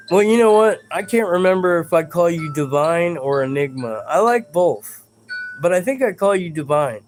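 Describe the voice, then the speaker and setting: A man with a somewhat high, darkish voice runs a live stream in a loose, rambling way, reading viewer comments aloud. He trips over words and responds with self-deprecating humor.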